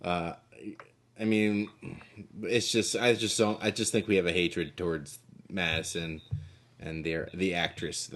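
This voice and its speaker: A man with a fairly low voice chats casually about a TV episode. He hesitates a lot, trails off and restarts his sentences as he hunts for his opinion. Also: level tone, unhurried, long pauses, a bit bright. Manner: hesitant, full of fillers and restarts. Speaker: podcast co-host. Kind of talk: casual TV review chat.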